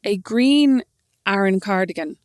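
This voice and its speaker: An Irish woman co-hosting a podcast, chatting casually with animated, opinionated remarks. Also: medium pitch, unhurried, smooth, dry recording, studio quality. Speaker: podcast co-host. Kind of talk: casual chat.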